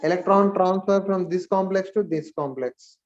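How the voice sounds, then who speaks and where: A man's voice: high-pitched, moderate pace, darkish tone. A man with an Indian English accent giving a live chemistry lecture, repeating key phrases and asking and answering his own questions. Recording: dull lo-fi stream audio.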